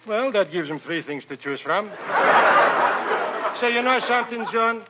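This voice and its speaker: A man's voice: high-pitched, lively intonation, unhurried. An actor playing a bumbling male restaurant owner who speaks comic broken English with mangled grammar, in a 1940s radio comedy. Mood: deadpan. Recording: noisy, dull old radio broadcast.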